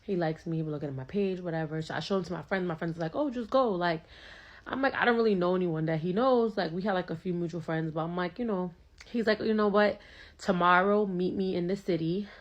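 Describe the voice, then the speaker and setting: A young woman tells the story of a first date, talking fast and casually in a lowish voice, packing in fillers and quoting the back-and-forth. The audio is dull.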